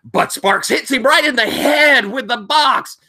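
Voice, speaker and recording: A man running a tabletop game, recapping the session as an animated storyteller who acts out quotes and sound effects. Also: extremely high pitch, unhurried. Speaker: game master.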